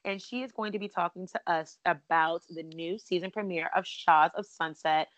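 A woman's voice: on the low side, normal speed, fairly bright tone, no room sound. Chatty woman podcast host, dry close sound. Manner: chatty, bubbly, many asides. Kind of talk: casual podcast chat.

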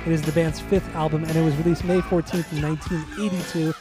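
Casual young male co-host, slightly higher voice. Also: little pitch movement, fast, over music. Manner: stumbling over names, laughs easily. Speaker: podcast co-host. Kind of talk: casual chat.

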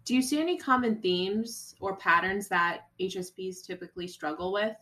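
A woman's voice: medium pitch, normal speed, sharp tone. A woman hosting a podcast, asking interview questions and giving brief supportive replies. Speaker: podcast host. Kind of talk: interview questions and short affirmations.

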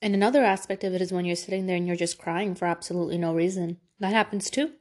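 A young adult woman giving Islamic life advice in a casual motivational talk to camera, earnest and candid, slangy, with sudden animated bursts. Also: lowish voice, quick pace.

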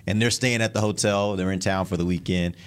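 A man's voice: deep voice, steady tone, fairly quick, clean tone. A man hosting a casual sports chat, leading the segments and asking questions. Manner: leads the segments, asks questions. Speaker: host.

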